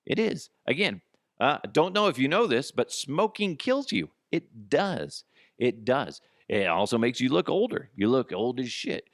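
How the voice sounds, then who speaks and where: A man hosts a solo comedy podcast, ranting with lots of profanity. His pitch swings widely as he riffs, and the sound is dry and close, with no room around it. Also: a little slow, dry recording. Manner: animated, profane, acts out both sides of a dialogue. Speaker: podcast host.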